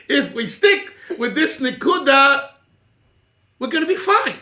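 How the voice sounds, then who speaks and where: A middle-aged man, a rabbi, teaching an informal Torah class in an animated, digressive way and chuckling often. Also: extremely high pitch, slow pace, pauses often, roomy sound.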